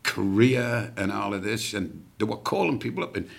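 A man's voice: fairly low pitch, expressive, moderate pace, creaky. An older man in his seventies, a rock singer as guest, rambling through anecdotes with many fillers and casual swearing. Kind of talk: casual storytelling chat.

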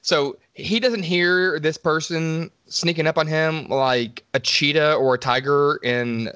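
A podcast co-host with a slightly high, pushed and bright voice recaps a slasher movie at a measured pace. His tone is clear and resonant, with no echo. He's rambling and sarcastic, swearing and laughing often in this casual chat.

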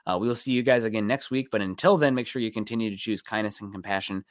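A man's voice: lowish voice, quick pace, no room sound, clean studio sound. A man hosting a casual sports podcast, loose and rambling, thanking listeners by name. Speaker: podcast host.

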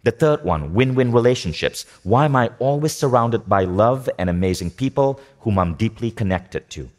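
A man giving a motivational talk to a live audience, energetic, asking the room questions and repeating key phrases. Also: mid-range voice, moderate pace. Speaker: speaker teaching a workshop.

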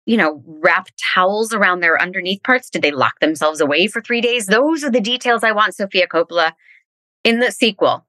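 A woman hosting a podcast in casual chat, with quick, self-mocking asides. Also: mid-range voice, sharp tone, dry recording. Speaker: podcast host.

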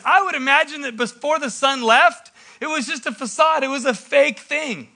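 A male pastor preaching a sermon in an animated way, with dramatic pauses and sudden loud bursts. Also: extremely high pitch, gravelly.

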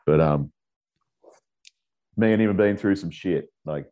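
A man's voice: on the low side, unhurried, pauses often, a little mellow. A middle-aged Australian man telling rambling, profane stories in a casual chat, laughing as he goes. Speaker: guest.

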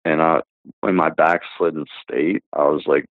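Really deep-voiced guy in his 50s, rambling testimony full of ums, tinny phone sound. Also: steady tone, normal speed, dry recording. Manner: rambling, many fillers and restarts. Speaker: guest giving a testimony. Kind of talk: casual spoken testimony.

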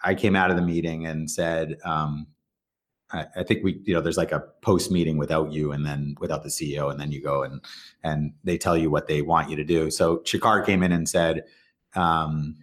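This middle-aged man is a startup founder and CEO guest whose voice rumbles low, stays level in tone, and moves briskly. Chatting in a casual interview, he tells rambling stories full of restarts and performs the quoted lines himself.

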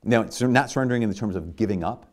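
A man's voice: on the low side, fast talker. A man preaching a sermon in an earnest, conversational way, with many fillers and restarts.

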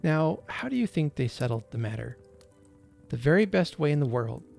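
A man narrating a classic holiday story in a gentle, expressive storytelling manner. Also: on the high side, normal speed, creaky, soft background music.

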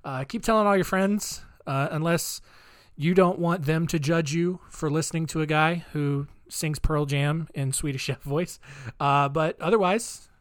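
A man's voice: a little high, unhurried, dry recording, clean studio sound. A man hosting a podcast in a casual, jokey way, poking fun at himself as he rambles along. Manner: jokey, self-mocking, loose rambling delivery. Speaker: podcast host.

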